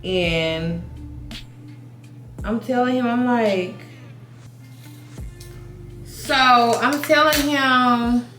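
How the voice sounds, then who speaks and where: A woman in her thirties telling a casual storytime while doing her makeup, animated, swearing, restarting her sentences. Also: a little high, drawn-out words, pauses often, roomy sound, soft background music. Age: 30s. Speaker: beauty vlogger. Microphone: compact camera mic.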